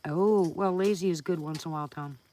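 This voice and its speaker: A woman's voice: lowish voice, a little fast, warm tone. A woman hosting a casual live stream from home, chatting with viewers, greeting them by name and laughing often.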